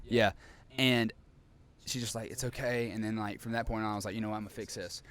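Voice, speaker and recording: Animated young man telling stories. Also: on the low side, fast talker. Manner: animated storyteller, acts out scenes, laughs often. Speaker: podcast co-host. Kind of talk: casual chat, storytelling.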